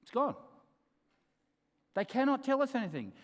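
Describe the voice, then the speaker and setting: A man giving a conference keynote, with emphatic, humorous storytelling and sudden drops into quiet asides. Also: very high-pitched, big pitch swings, normal speed. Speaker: keynote speaker. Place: large conference hall. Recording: reverberant hall.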